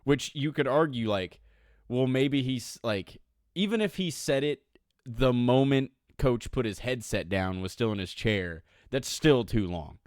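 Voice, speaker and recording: A man co-hosting a casual podcast, recounting events blow by blow with swearing and quick impressions. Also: mid-range voice, expressive, a little mellow, no room sound, studio quality. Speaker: podcast co-host. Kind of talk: casual chat.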